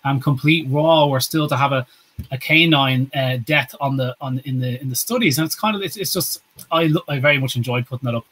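A man's voice: medium pitch, a little fast, fairly bright tone. A man co-hosting a casual podcast chat, rambling and restarting as he talks, also reading out a sponsor notice. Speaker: podcast co-host.

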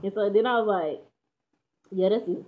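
A woman's voice: mid-range voice, normal speed. A teenage girl from Texas telling a story in casual, slangy chat, laughing as she goes. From Dallas, Texas. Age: teens. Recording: tinny phone-like audio.

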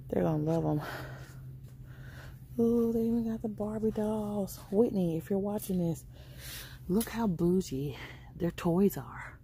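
A woman's voice: mid-range voice, mellow, a little hiss or hum. A woman chatting casually to her viewers while she shops in a store, calling them y'all and honey. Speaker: vlogger. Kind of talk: casual shopping vlog. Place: inside a store.

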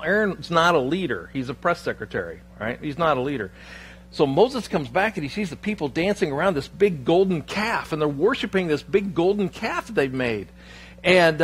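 A man's voice: sits high, a little hiss or hum. A man preaching a sermon in church, with a humorous, self-deprecating storytelling manner. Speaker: pastor.

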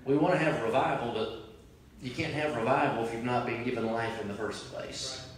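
A man preaching a sermon as pastor, moving between prayer and loud impassioned cries. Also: medium pitch, fairly even intonation, a little fast, a crowd in the background. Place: large church sanctuary. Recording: very echoey church from a distant mic.

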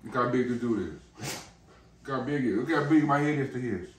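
A man's voice: mid-range voice, brisk, reverberant, recorded from a distance, a little hiss or hum. A man talking casually in a vlog, loose and slangy, coaxing and praising his big dog at home. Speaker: dog breeder vlogger.

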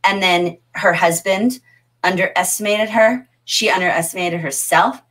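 Her pitch is fairly low and her speed normal. She's a middle-aged woman teaching literature on a livestream, animated and laughing a lot as she replies to the chat.

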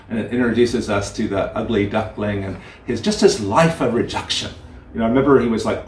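A man giving an earnest, heartfelt sermon, with halting restarts and a story read aloud. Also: on the low side, a little mellow. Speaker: preacher. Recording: roomy, distant mic.

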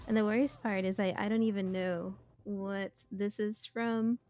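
A woman's voice: medium pitch, steady tone, measured pace, a little mellow. A woman reading out donations on a live game stream, in a dry, teasing, matter-of-fact manner. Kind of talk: casual live-stream commentary.

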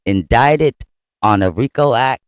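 A man commenting casually in a clip from another channel, speaking slowly and deliberately. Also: medium pitch, clean tone, no room sound.

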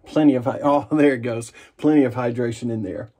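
A man's voice: mid-range voice, brisk. A man chatting casually and jokingly as he narrates his own shave in a vlog. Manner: relaxed, chatty and jokey while shaving. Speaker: wet shaving vlogger.

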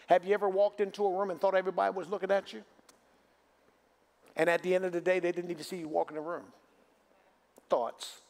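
A male pastor preaching a sermon, asking the congregation for responses and building to emphatic repeated declarations. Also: high voice. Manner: preaching with call-and-response questions. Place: church sanctuary.

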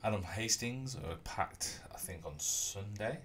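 On his stream, a man talks casually through a rugby video game, rambling and humming to himself in a relaxed way. His voice is on the low side and a little slow, with a faint hiss or hum in the recording.

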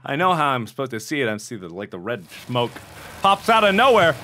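A young man commentating a horror game from his computer room, excitable, often yelling and joking. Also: mid-range voice, fairly quick, noisy background. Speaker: gaming video host.

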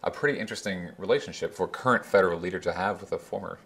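A woman interviewer asking measured questions with a few hesitant fillers. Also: very deep voice.

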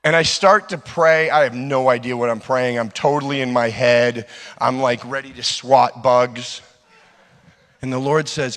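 A man preaching a sermon, telling a personal story in an animated way that swings between loud and hushed. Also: mid-range voice, a little slow. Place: church hall. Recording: long hall reverb.

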